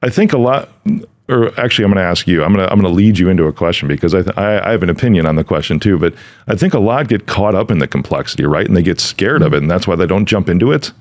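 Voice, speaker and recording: Upbeat low-voiced male podcast host. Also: expressive, fast. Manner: enthusiastic, loose, frequent restarts. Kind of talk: casual interview chat. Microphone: studio dynamic mic.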